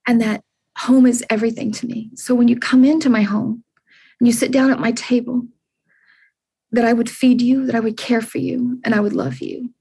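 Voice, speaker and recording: A woman's voice: a little high, little pitch movement, moderate pace, vocal fry, dark tone, slightly rough. A woman in her sixties, an interview guest, speaking earnestly and encouragingly, often repeating her words. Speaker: podcast guest. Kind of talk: heartfelt interview answers.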